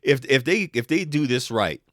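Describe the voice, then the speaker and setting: A man's voice: mid-range voice, lively intonation, normal speed, a bit bright, no room sound, clean studio sound. Rambling podcast co-host man. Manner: rambling, restarts, bursts into mimicked quotes. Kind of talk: casual chat.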